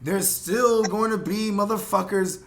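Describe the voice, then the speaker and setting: A man with a voice that sits high speaks a little slowly. He's a podcast host from San Jose, California, chatting casually in a rambling, profane, heated manner with many fillers and restarts.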